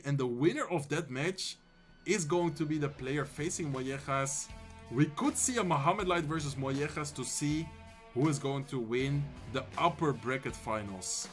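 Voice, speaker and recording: A Dutch man streaming live, calling an esports match in English with a Dutch accent, then answering chat in a relaxed, friendly way. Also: on the high side, music in the background. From Netherlands. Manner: excited fast play-by-play calls that give way to relaxed, soft chat replies. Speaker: streamer and tournament caster.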